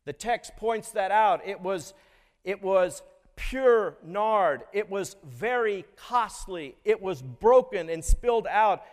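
A man preaching a sermon in a measured way, often putting questions to the congregation. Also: sits high, animated, big-room sound. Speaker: pastor.

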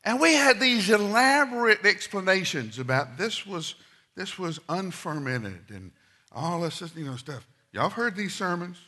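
A middle-aged man preaching a sermon, telling stories and swinging from loud, quick asides to hushed, slow lines. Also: high-pitched, big pitch swings.

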